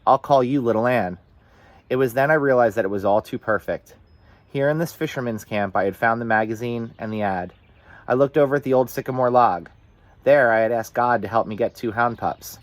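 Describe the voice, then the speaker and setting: A man reading a novel aloud in the first person, with steady, earnest storytelling. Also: mid-range voice, brisk, no echo. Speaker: audiobook reader.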